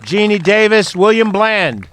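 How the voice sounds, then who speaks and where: A man's voice: high-pitched, very animated, unhurried, fairly bright tone, slight background noise. A man, a county executive, speaking at an outdoor stadium ceremony, reading out and thanking a list of people. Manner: reads out names and thanks them. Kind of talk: ceremony speech.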